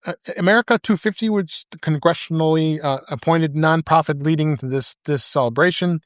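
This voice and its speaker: A man's voice: fairly high pitch, brisk, no echo, clean studio sound. A man hosting a live podcast panel, talking loosely with lots of ums and uhs. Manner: rambling with many fillers. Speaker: podcast host. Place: live event stage.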